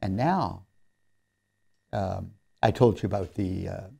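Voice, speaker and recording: Gravelly-voiced man giving a lecture. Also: low voice, takes it slowly. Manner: earnest storyteller, warmly emphatic on key lines. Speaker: seminary lecturer. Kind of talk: recorded seminary lecture.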